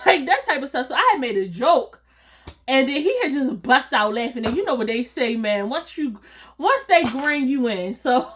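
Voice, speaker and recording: High-voiced animated woman telling a story. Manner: animated, slangy, acts out quoted voices; laughs often. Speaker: storytime vlogger. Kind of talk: casual storytime.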